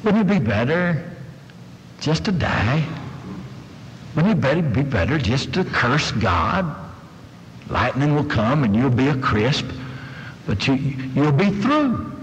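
A man's voice: medium pitch, sing-song, slow, long pauses, a little hiss or hum, voice pushed down. A preacher voicing a wife who coaxes her suffering husband in a syrupy tone. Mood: coaxing. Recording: long reverb of a hall.

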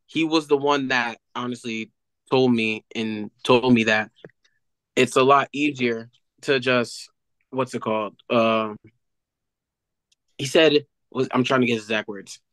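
A young man, an athlete guest, telling a story in an animated casual way with many fillers. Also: medium pitch, measured pace, pauses often, no echo, rough recording.

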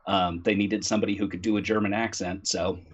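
A man chatting casually as a guest voice actor, relaxed and rambling, with many ums and uhs, from a home recording room. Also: fairly low pitch, fast. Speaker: guest voice actor and audiobook narrator. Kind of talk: casual chat. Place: home recording room, not studio quality.

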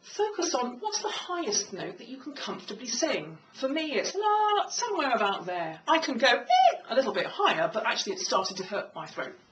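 A woman giving a measured instructional talk on speaking, acting out voice techniques as she explains them, standing beside a piano. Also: fairly high pitch, sing-song, fairly bright tone, recorded from a distance, a little hiss or hum, low-quality recording. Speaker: speaking coach.

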